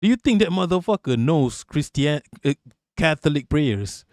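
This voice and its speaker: A man's voice: on the high side, big pitch swings, moderate pace, a little mellow, no room sound, clean studio sound. A man giving a casual livestream rant as an online political commentator, emphatic and profane, firing off rhetorical questions and repeating himself.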